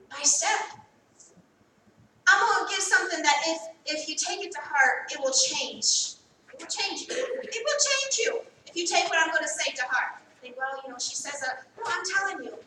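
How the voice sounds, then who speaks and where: An American woman pastor preaching a sermon. She repeats phrases and swings from quiet asides to loud calls. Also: high-pitched, lively intonation, a little slow, recorded from a distance, noisy background. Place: church sanctuary. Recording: roomy echo, voice from off the mic.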